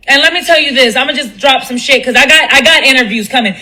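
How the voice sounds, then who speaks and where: Woman, blunt and profane live-stream ranter, bright tone. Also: high-pitched, fast talker, few pauses, poor audio. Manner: blunt, profane, animated, mimics others in quotes. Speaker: commentator speaking on a live stream. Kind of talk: candid monologue on a live stream.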